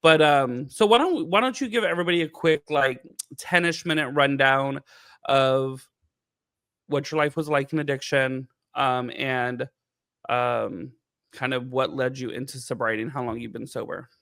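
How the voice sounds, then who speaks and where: A man's voice: medium pitch, normal speed, a bit bright, no room sound, clean studio sound. A man hosting a podcast, asking questions in a loose, rambling way full of fillers and easy laughter. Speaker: podcast host. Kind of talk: casual interview chat.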